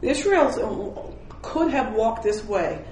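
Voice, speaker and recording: A woman's voice: on the high side, lively intonation, slow pace, darkish tone, a little hiss or hum. A woman leading an informal Bible study who tells stories with animation, acts out the people she quotes and often laughs. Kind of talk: informal spoken devotional. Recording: roomy echoing room.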